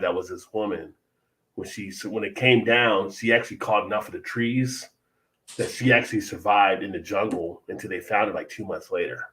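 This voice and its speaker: A man hosting a casual live beer chat, telling stories with emphatic repeats. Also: lowish voice. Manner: animated storytelling, emphatic repeats. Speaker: host.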